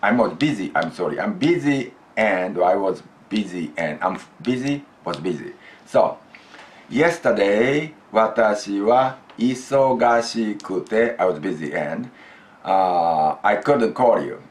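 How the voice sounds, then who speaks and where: Slow, lively male teacher. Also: sits low. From Japan. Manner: slow, deliberate explaining, prompts students to repeat. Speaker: language teacher. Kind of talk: classroom grammar lesson.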